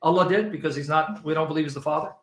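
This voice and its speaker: A man's voice: fairly high pitch, fairly even intonation, rapid-fire, reverberant. A man debating religion with a listener, emphatic and insistent, pressing his points and quoting scripture with rising force. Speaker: Christian apologist.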